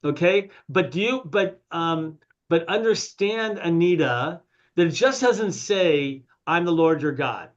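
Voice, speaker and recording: A man's voice: a little high, animated, measured pace. A man leading an online study class, calling on people to read aloud and asking them questions, with lots of fillers. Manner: calls on students to read, asks questions, fillers. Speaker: class leader. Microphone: video call. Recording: slightly muffled video call audio.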